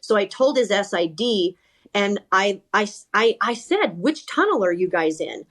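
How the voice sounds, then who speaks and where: Middle-aged woman sports reporter chatting on a podcast, lively storyteller, keeps restarting her sentences. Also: medium pitch, unhurried. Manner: animated, self-correcting, lots of repeated starts. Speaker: sideline reporter and talent coach.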